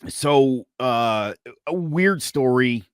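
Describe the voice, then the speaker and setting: A man's voice: drawn-out words, clear, resonant tone, no room sound, studio quality. A man guest on a podcast, telling a personal story in casual chat, swearing now and then and acting out the other people's lines. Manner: animated storyteller acting out quotes with big pitch swings.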